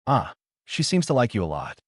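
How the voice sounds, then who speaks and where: A kindly old wizard headmaster speaks in a calm, measured way, as a man reads him. The voice is lowish, and the recording is dry. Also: slightly rough, dry recording.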